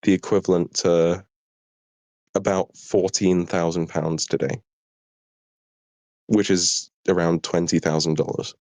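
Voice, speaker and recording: Tired low-voiced British man, southern English accent, live story reading, dry sound. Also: little pitch movement, a little slow, darkish tone, dry recording. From Britain. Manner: apologetic, chatty asides. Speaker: streamer reading his own story.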